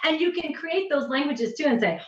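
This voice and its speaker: A woman coaching on pitching during a video call workshop, animated and gushing, often restarting her sentences. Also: a little fast. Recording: dull, roomy, distant video call audio.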